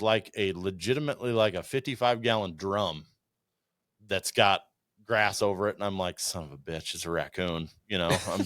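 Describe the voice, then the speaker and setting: Low-voiced man telling a hunting story. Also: dry recording, clean studio sound. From Iowa. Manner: animated storyteller, swears freely, acts out quotes. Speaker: podcast guest, upland bird hunter. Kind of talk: casual storytelling chat.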